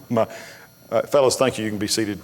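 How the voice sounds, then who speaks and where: A man's voice: on the low side, fairly even intonation, moderate pace. A man preaching a sermon as pastor, telling folksy stories bluntly and building to emphatic preaching. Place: church sanctuary. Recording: long hall reverb of a church.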